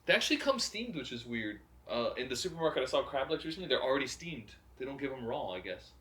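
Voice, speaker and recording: A man's voice: medium pitch, big pitch swings, quick pace, fairly bright tone, reverberant, poor audio. A man co-hosting a fan podcast in a casual, chatty way, laughing often. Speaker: podcast co-host. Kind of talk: casual chat.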